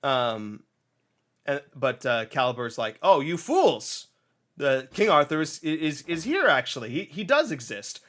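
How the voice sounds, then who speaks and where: A young man in casual conversation, recapping a video game's story and jumping into quick voices for each character. His pitch swings widely as he gets excited, breaking off and restarting often. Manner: animated, acts out characters in quick snatches, many restarts. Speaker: game reviewer. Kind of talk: casual podcast chat, retelling a game plot.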